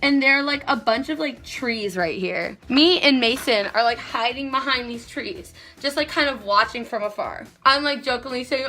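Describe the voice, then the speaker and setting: Bright, giggly teenage girl vlogger. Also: high-pitched, normal speed, hardly any pauses, soft background music. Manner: rambling, giggly, heavy on "like". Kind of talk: casual storytime.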